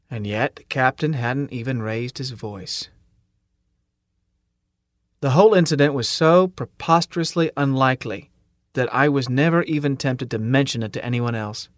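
Steady male audiobook narrator. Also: medium pitch, no room sound, clean studio sound. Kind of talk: first-person audiobook narration.

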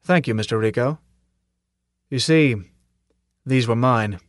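A man's voice: medium pitch, takes it slowly, no echo, natural voice. Stern old army commandant , a guy putting it on, clipped and bossy, dry close sound. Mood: commanding. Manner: clipped, authoritative, with pointed questions. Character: stern older male military commandant, gruff and commanding. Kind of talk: audiobook character reading.

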